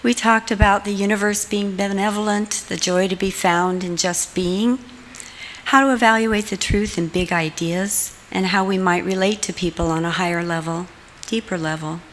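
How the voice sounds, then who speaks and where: Woman speaking calmly in a church hall. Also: medium pitch, moderate pace. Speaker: lay speaker. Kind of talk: reflective church talk. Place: church sanctuary. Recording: long hall reverb, faint room noise.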